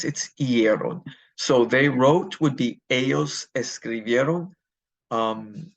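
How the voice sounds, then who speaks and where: A man's voice: medium pitch, gravelly, poor audio. A man teaching a Spanish grammar lesson, explaining step by step and answering his own questions.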